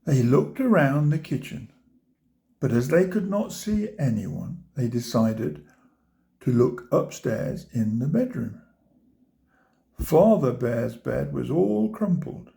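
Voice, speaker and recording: A man reading a children's storybook aloud, gently pointing out the pictures to his listeners. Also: mid-range voice, expressive, takes it slowly, creaky. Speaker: storybook reader.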